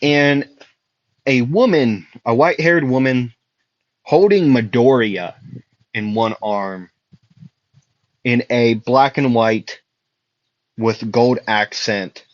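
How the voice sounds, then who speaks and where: Slow, halting male storyteller. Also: medium pitch, no room sound. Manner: halting, many fillers and restarts. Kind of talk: improvised fan story narration. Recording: dull lo-fi dry recording.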